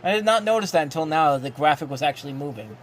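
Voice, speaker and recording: Animated man calling a game live. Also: on the high side, quick pace. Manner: animated, excitable play-by-play with frequent restarts. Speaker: host live-reacting to a football game. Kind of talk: casual live sports commentary.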